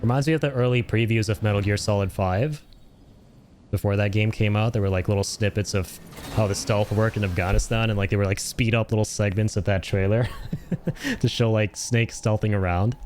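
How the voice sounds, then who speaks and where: A young man casually commenting on his own gameplay as a streamer, relaxed and chatty, and laughing often. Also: lowish voice, fairly quick, slight background noise.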